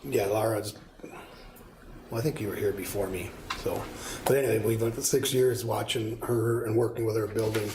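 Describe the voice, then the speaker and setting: Flat-voiced man in an echoey room. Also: fairly low pitch, moderate pace, background noise. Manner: rambling, informal. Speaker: school board member. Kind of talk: meeting remarks. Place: school board meeting room.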